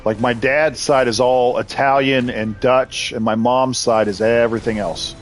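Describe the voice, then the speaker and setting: A man hosts a live game stream in an easy, unscripted chat, his voice sitting at an ordinary middle pitch. He rambles and laughs often while answering viewers. Faint game music plays quietly underneath. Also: steady tone, unhurried. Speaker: live-stream gamer host.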